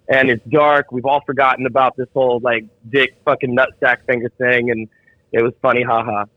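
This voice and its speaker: A man's voice: medium pitch, no room sound, phone-quality sound. A man telling a crude, rambling story on a casual podcast, often laughing at his own punchlines. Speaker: podcast co-host.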